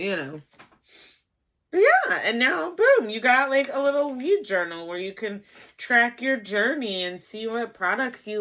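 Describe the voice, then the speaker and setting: A young woman from the Midwest hosting a casual craft tutorial, a little high, rambling and playful with lots of fillers. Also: pushed and bright. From American Midwest. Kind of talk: casual how-to demonstration.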